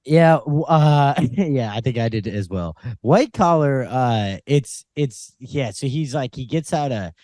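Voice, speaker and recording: A man co-hosting a casual comedy podcast, talking at an ordinary middle pitch. He rambles with plenty of filler words and laughs often. The sound is close and dry, with no room around it. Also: lively intonation, a little slow, hardly any pauses, darkish tone, dry recording. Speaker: podcast co-host.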